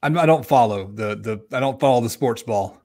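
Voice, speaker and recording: A man's voice: medium pitch, brisk, darkish tone. A man hosts a live stream podcast in an easy, chatty way. He pokes fun at himself and reads viewer comments aloud as he goes. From American South. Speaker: podcast host. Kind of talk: casual live-stream chat.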